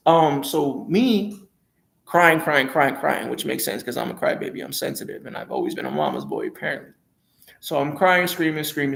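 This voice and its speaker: A man's voice: mid-range voice, creaky. A man casually telling his own life story in a rambling, hesitant way, often repeating and correcting himself.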